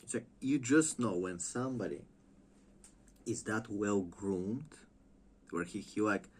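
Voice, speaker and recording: A man's voice: on the low side, slow pace, husky. A man ranting casually and profanely as a wrestling vlogger, rambling and mocking. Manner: rambling, mocking, lots of filler and restarts.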